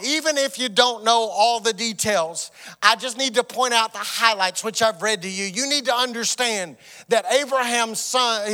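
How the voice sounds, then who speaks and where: A man's voice: very high-pitched, sharp tone, in a large hall. A man preaching a sermon as pastor, leading a song and reading scripture to his congregation. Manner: leads congregation song, reads scripture aloud. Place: church sanctuary.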